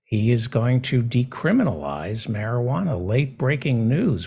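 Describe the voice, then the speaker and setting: A man hosting a live talk show, delivering a sarcastic monologue that swings from loud outbursts to muttered asides. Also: lowish voice, big pitch swings, unhurried, few pauses, breathy edge. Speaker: podcast host. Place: small room overlooking an air shaft.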